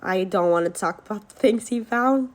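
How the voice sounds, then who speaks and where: Animated young woman swearing through a story. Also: medium pitch, moderate pace. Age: young adult. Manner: animated, swears a lot, acts out shouts. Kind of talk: casual story time.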